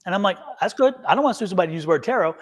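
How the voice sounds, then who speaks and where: A man's voice: high-pitched, lively intonation, rapid-fire, fairly bright tone. A man hosting a live tarot stream, telling a long story in a rambling way and acting out both sides of a phone call. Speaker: tarot reader, show host.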